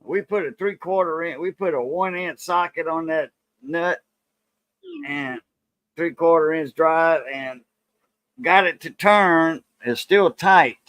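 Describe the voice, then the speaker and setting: A man's voice: on the high side, takes it slowly, fairly bright tone, dry recording. Folksy Cajun man, dry close sound. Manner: rambling, folksy storytelling with laughs. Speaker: channel host. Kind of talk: casual chat.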